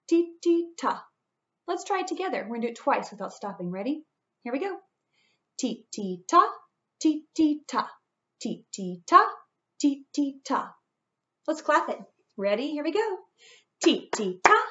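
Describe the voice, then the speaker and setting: A woman's voice: sits high, dull audio. A woman teaching an upbeat music lesson to children, chanting rhythm syllables along the way.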